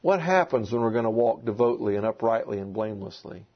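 Gravelly, husky male preacher. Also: fairly low pitch, expressive, fairly quick. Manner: emphatic, repeating key words. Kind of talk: sermon. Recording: dull lo-fi recording.

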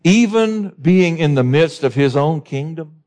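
A man preaching a sermon with passion, climbing to high, emphatic peaks when he quotes scripture and pressing his listeners with direct questions. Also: animated, unhurried, a little mellow. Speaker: pastor.

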